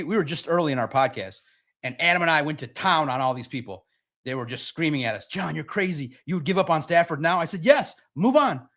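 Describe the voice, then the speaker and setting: A man's voice: a little high, a bit bright. A man hosting a sports podcast, ranting in an emphatic, repetitive and mocking way. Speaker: podcast host. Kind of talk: heated sports podcast rant.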